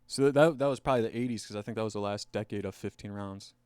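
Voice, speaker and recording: A man co-hosting a casual podcast, telling stories in a rambling, animated way full of filler words. His voice is smooth and resonant at a middle pitch. The mic is close and the sound is dry. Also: rapid-fire, no echo. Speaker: podcast co-host. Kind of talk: casual chat.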